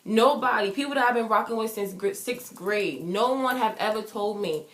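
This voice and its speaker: A woman's voice: mid-range voice, moderate pace. A young adult woman telling a personal story in a vlog, emphatic and repetitive, acting out what others said. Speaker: vlogger. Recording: roomy echo.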